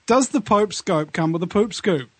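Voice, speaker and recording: High-voiced wisecracking male radio co-host. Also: lively intonation, normal speed, noisy background. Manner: wisecracking, playful jokes. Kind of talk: casual talk radio chat.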